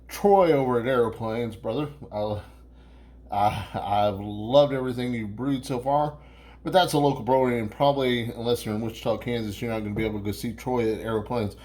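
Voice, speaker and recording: A mid-pitched man hosts a casual beer review, rambling from thought to thought. He swears freely and keeps restarting his sentences. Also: a little mellow.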